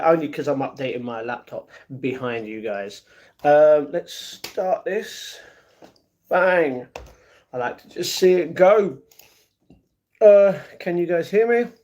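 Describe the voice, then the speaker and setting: A man's voice: a little high, lively intonation, slow, long pauses, a little mellow. A young British man hosting a casual live stream, chatty and playful, greeting viewers by name and breaking into improvised rhymes. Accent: British English.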